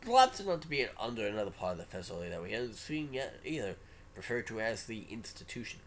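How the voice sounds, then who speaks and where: Male streamer, reading a game aloud, low voice, animated pitch, casual asides. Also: quick pace, slight background noise. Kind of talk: reading a visual novel aloud.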